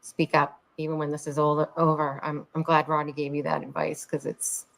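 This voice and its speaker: A woman with a fairly low voice co-hosts a casual podcast. She talks hesitantly, stopping and restarting her sentences with lots of "um". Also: monotone, moderate pace, vocal fry. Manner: hesitant, many fillers and restarts.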